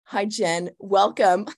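A woman podcast host who introduces her guest in a gushing, excitable, rambling way. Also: medium pitch, very slow, vocal fry. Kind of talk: casual interview hosting.

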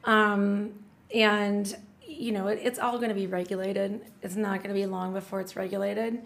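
Middle-aged woman, podcast guest, talkative and enthusiastic, mid-pitched voice. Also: level tone, moderate pace, vocal fry. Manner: chatty, restarts often, enthusiastic. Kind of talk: casual podcast conversation.

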